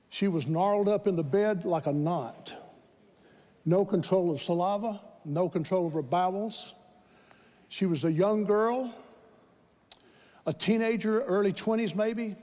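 A man with a Southern American accent preaching a sermon, telling a story with animated quoted voices that climb into shouts of praise. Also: high voice. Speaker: pastor. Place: large church hall with congregation. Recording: reverberant church hall with crowd.

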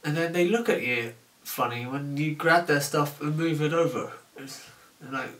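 A man's voice: on the high side, moderate pace, fairly bright tone, recorded from a distance. A young man from the UK delivering a casual, sarcastic comedic rant to camera about his work as a shop cashier. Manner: sarcastic, exasperated, acts out customer exchanges. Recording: roomy echo, voice off-mic.

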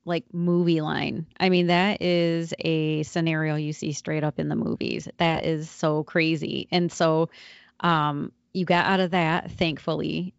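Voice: medium pitch, vocal fry, clear, resonant tone, dry recording. A podcast host in casual chat, reacting with amazement and asking follow-up questions. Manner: reactive, laughs and affirms, asks follow-up questions. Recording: dull lo-fi dry sound.

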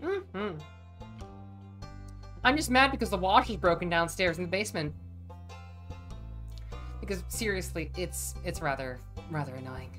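A woman streaming a farming game and chatting casually, playful and quick to swear, often talking to the game's characters. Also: on the low side, expressive, a bit bright, faint music behind. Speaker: vtuber streamer. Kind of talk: casual chat while playing a farming game.

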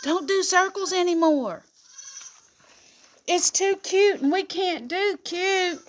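A woman voicing a cheeky, camera-shy baby goat kid in a high, squeaky pretend voice. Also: takes it slowly. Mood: sassy.

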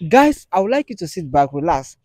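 Male skit host, high and lively voice, repeats himself to soothe and plead. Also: a little fast, no room sound. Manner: animated, repetitive pleading and soothing. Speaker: show host. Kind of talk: comedic skit acting as an advice host.

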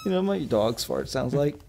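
A man's voice: medium pitch, vocal fry, warm tone, slight background noise. A man co-hosting a casual gaming commentary. He is goofy, giggles often and swears freely. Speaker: co-host.

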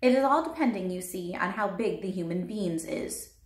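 A woman's voice: medium pitch, lively intonation, moderate pace, lightly acted. A woman voicing a big, friendly male giant who bumbles through made-up words with a folksy lilt, read aloud in a roomy space. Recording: roomy echo.

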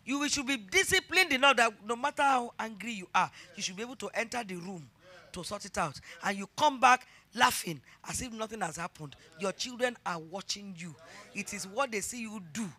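A middle-aged woman pastor with a Nigerian accent preaching a sermon, emphatic and repeating her phrases as she builds to shouted exhortation. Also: on the high side, animated, a little fast.

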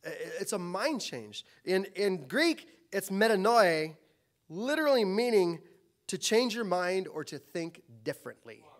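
A man's voice: sits high, sing-song, measured pace. A man preaching a sermon as pastor, impassioned and full of rhetorical questions.

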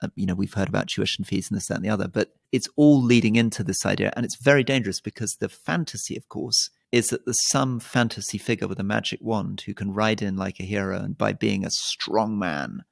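Gravelly low-voiced man co-hosting a podcast. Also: steady tone, dry recording, clean studio sound. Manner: thoughtful, measured explaining. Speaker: podcast co-host. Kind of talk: casual political chat.

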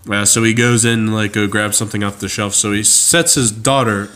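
A man chatting casually about a comedy character he co-created, halting with many fillers and restarts. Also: on the low side, a bit bright. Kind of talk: casual chat.

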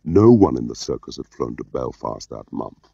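A man narrating an audiobook in a measured, understated way. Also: a bass voice, big pitch swings, vocal fry, warm tone, slightly rough, no room sound. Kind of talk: scripted narration. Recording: dull lo-fi audio.

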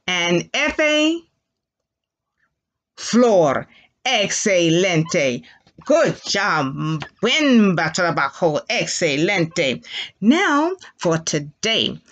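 Lively sing-song woman teacher. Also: mid-range voice. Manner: sing-song, leads call-and-repeat drills with animal sounds. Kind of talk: children's language lesson.

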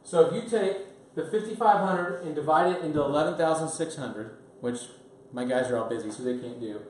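A fairly high-voiced man teaches a seminar with blunt, emphatic energy, leaning hard on key points. He is picked up from well back in a very echoey room. A faint hiss sits under his voice. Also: a little mellow, recorded from a distance. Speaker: business coach. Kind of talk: training seminar.

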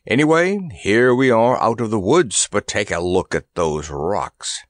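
A man voicing a grumpy, proud male elephant in a storybook reading, with a gruff, grumbling manner. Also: fairly low pitch, animated, a little slow, dry recording, studio quality.

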